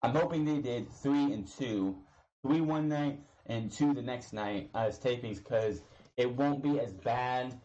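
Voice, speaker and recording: Male reviewer, casual talk, mid pitch, rambling retelling. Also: a little slow, dark tone, dull audio. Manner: rambling, retells promos with quoted lines. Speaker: wrestling show reviewer. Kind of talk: casual recap commentary.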